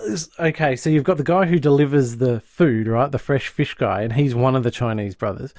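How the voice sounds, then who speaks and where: A man co-hosting a podcast, recapping a sitcom plot in lively casual chat and dropping into quick voices for the characters. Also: medium pitch, no echo, clean studio sound. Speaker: podcast co-host.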